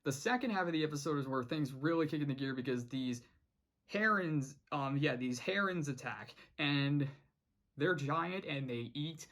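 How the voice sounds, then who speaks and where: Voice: mid-range voice, expressive, normal speed, a bit bright. A cartoon reviewer recapping an episode in a casual vlog, rambling with many restarts and quoting the characters' lines.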